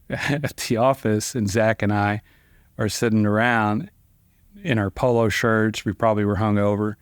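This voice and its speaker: A middle-aged man, a trial attorney guest, telling stories in a loose, conversational way and acting out the dialogue with big pitch jumps. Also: no room sound, clean studio sound. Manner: lively storyteller who acts out quoted dialogue with sharp pitch jumps; loose, conversational phrasing with fillers like "like" and "you know". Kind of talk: casual anecdotal storytelling.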